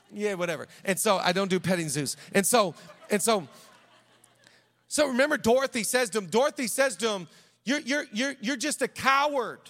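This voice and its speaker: A male pastor preaching a sermon, switching between emphatic declarations and a low, hushed storytelling voice. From United States. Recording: reverberant hall.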